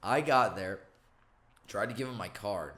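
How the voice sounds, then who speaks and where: A man's voice: lowish voice, animated, unhurried, pushed and bright. A man hosting a casual podcast, telling a story full of swearing and quoted lines. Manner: swearing storyteller, quoting others. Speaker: podcast host.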